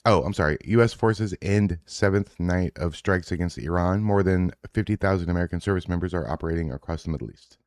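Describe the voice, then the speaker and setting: A man's voice: sits low, fairly quick, a little mellow, no echo, studio quality. A man hosting a casual reaction show, talking bluntly and profanely, rambling with restarts as he reacts to posts. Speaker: show host reacting to social media posts. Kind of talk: casual live reaction commentary.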